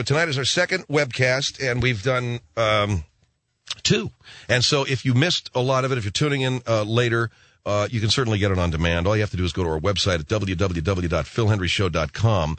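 A man's voice: on the low side, a little fast, dry recording. A middle-aged man hosting a late-night radio show, telling a rambling story with lots of asides. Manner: animated storytelling, acts out voices, rambling asides. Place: radio studio. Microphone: studio microphone.

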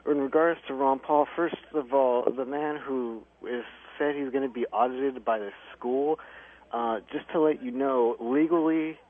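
Male caller, emphatic, argumentative, tinny phone sound, mid pitch. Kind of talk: call-in radio debate. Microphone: telephone.

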